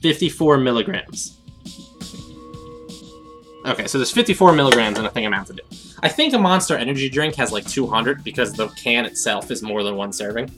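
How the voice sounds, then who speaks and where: A man chatting loosely over a video game, his pitch bouncing up and down as he talks. He rambles, muttering quick asides and half-finished thoughts to himself, with faint game music playing underneath. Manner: rambling, animated storytelling with mumbled asides. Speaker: let's play host. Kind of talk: casual gameplay commentary.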